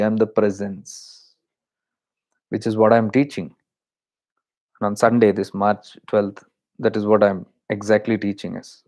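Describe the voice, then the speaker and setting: Indian man, unhurried spiritual teacher. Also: lowish voice, a little mellow. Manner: mixes English with Hindi phrases, unhurried and reflective. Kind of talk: spiritual talk.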